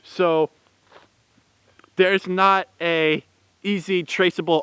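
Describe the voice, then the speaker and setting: A man talks through his opinions slowly in a smooth, clear voice that sits a little high. He rambles and restarts often, and the room sound is dry. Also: lively intonation, fairly bright tone, no room sound. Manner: rambling and heated, many fillers and restarts. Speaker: vlogger. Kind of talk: opinion commentary.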